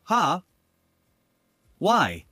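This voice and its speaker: A flustered, deceitful husband, played by a man, stammers and hedges in a dramatized story. His voice sits fairly high for a man and swings widely in pitch, with slow, halting delivery. The sound is close and dry. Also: wildly swooping pitch, sharp tone, no room sound, full character voice. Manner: hesitant, stammering.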